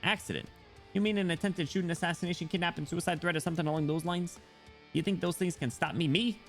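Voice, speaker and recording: A man's voice: a little high, fast talker, faint music behind, pitched above the performer's own voice, close to an everyday voice. A man voicing a smug, boastful penguin rap star while reading a game story. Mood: cocky. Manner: cocky and boastful.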